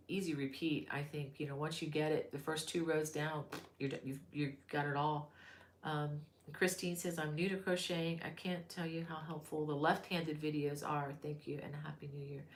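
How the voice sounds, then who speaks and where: A woman's voice: sits low, a bit bright, roomy sound, slight background noise. A woman from Florida hosting a crochet live stream, chatting casually, reading viewer comments aloud and laughing easily. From Florida, USA.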